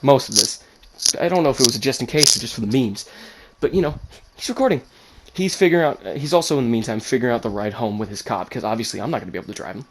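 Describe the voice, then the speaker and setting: A man casually telling a personal story, animated, swearing freely and acting out the people in it. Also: medium pitch, fast, a little hiss or hum. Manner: animated, swears, acts out quotes.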